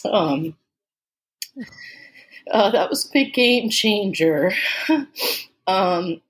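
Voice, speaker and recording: Woman guest from Austin; candid, halting storyteller with lots of fillers, close to tears at times. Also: mid-range voice, expressive. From Austin, Texas. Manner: candid, halting, many "like" and "you know" fillers. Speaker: guest sharing a personal story. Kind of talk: emotional personal storytelling.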